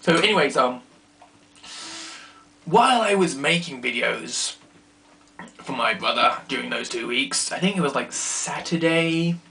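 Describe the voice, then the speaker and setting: A young man telling a rambling, self-mocking story to camera in a casual vlog, now and then dropping to quiet asides. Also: medium pitch, animated, measured pace, creaky, long pauses. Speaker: vlogger.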